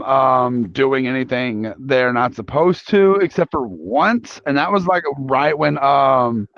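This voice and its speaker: Gravelly young man hosting a live panel. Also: medium pitch, no echo. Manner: halting, casual, many restarts. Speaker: convention panel host. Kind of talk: live panel talk polling an audience. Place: convention panel room. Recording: dull lo-fi recording.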